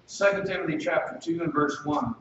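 A man's voice: on the high side, a little fast, fairly bright tone, a little hiss or hum. A male pastor preaching a sermon in an emphatic, folksy manner, heard from a distance in a church. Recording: echoey, dull, distant room recording.

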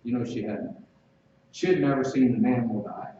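Preacher in an echoey hall, heard from afar. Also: male voice, mid-range voice, fairly quick, mellow, slight background noise. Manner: conversational, asks the listeners direct questions. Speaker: pastor. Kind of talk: expository sermon. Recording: echoey distant, dull sound.

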